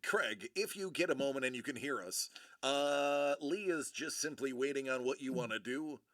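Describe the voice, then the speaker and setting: A man's voice: medium pitch, moderate pace, a bit bright, dry recording, clean studio sound. A man co-hosting a live stream, chatting casually in a playful, self-mocking, theatrical way. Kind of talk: casual joking banter.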